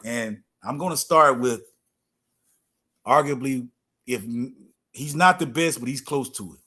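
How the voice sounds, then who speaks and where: A man's voice: mid-range voice, measured pace, bright, forceful tone. A middle-aged man, a former football player telling stories as a guest in a casual interview and repeating phrases for emphasis.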